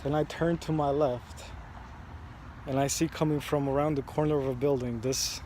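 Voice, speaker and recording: A man telling a personal story in a slow, reflective vlog, recorded outdoors near a street. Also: mid-range voice, fairly even intonation, warm tone, a little hiss or hum. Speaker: vlogger.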